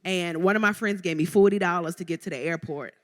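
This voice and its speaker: This is a woman in her thirties from Baltimore, a guest at a live interview, recounting her journey with lively, playful energy. She speaks directly to the audience. Her voice carries a long reverb from the event hall. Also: lowish voice, quick pace. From Baltimore, Maryland. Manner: animated, playful, talks straight to the audience. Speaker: guest entrepreneur. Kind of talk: live stage interview, storytelling.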